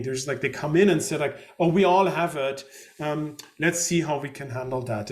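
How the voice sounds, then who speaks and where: Guy lecturing online, rambly and casual, voice a bit on the high side. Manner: loose and chatty, many fillers and self-corrections. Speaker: university lecturer.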